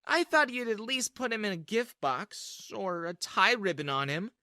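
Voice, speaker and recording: A woman voicing a creepy teenage girl kidnapper in an animated story, sweet and teasing. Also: mid-range voice, normal speed, a little hiss or hum. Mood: playfully menacing.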